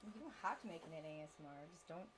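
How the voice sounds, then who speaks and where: A woman's voice: low voice, very fast, crowd noise. A woman, the host's wife, chatting casually and teasing him from across the room at home. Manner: relaxed, giggly teasing. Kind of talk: casual chat.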